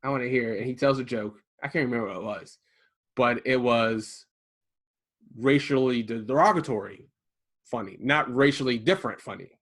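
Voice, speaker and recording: Man, podcast co-host, casual chat, lively storytelling, home garage. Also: medium pitch, moderate pace, slightly rough. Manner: animated storytelling, acting out quoted voices. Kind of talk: casual conversation.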